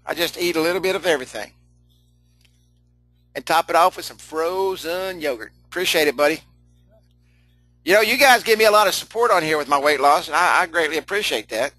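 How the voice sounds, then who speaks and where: A man's voice: a little high, lively intonation, fairly quick, pauses often, pushed and bright, dry recording, soft background music, rough recording. A middle-aged man leading a live online training session, folksy and chatty, laughing often, repeating himself and answering chat comments as he goes.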